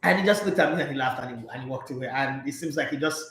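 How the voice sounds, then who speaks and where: A man's voice: mid-range voice, fast talker, a bit bright. A man with a Nigerian accent hosting a sports show, chatting casually with his live viewers in a playful, jokey, talkative way. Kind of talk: casual live-stream chat reading viewer comments. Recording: echoey room sound.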